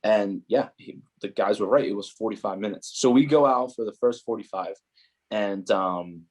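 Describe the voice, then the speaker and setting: Young guy on a podcast, kinda low voice, rambling animated stories, says like a lot. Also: normal speed. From New Jersey, USA. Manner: animated, heavy use of "like" and "you know". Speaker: podcast guest, footballer. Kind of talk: casual storytelling chat.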